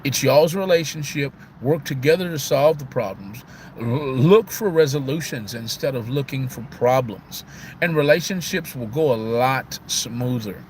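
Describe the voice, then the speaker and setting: A man's voice: mid-range voice, animated, measured pace, a little mellow. Sad guy on a live stream almost crying, keeps saying man and y'all, faint traffic outside. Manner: emotional, heartbroken, repetitive with "man" and "y'all". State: on the verge of tears. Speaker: livestream host. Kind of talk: casual live-stream talk.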